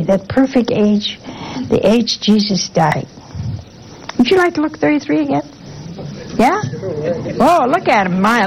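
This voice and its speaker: A woman's voice: on the high side, poor audio. Folksy older woman preaching. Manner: folksy, asks rhetorical questions with a teasing "huh?". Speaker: religious sister giving a talk. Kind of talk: informal sermon.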